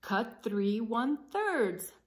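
A woman's voice: on the high side, very animated, takes it slowly. A woman voicing a hungry, grumbling young male alligator in a storybook. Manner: grumbling, punchy delivery.

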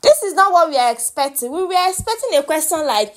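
A woman's voice: very high voice, very animated, brisk. A woman with a Nigerian accent giving casual, chatty gossip commentary on a reality show, slipping into pidgin and laughing along.

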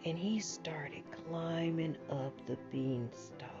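A woman narrating a bedtime story in a casual, colloquial, animated way. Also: low-pitched, takes it slowly. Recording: dull lo-fi sound, faint music.

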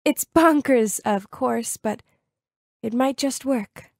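A woman's voice: on the high side, slow pace, creaky, darkish tone, dry recording, clean studio sound, exaggerated voice. Woman doing a scheming, insistent mother. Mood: coaxing. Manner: insistent and persuasive. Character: scheming determined mother, middle-aged.

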